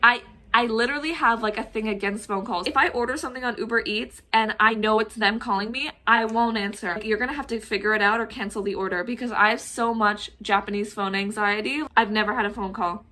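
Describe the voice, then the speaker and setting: Young woman, vlogger, bright voice, slightly high, animated storytime chat, swears freely. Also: a little fast. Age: young adult. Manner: animated, swearing, laughs while telling. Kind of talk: casual storytime vlog.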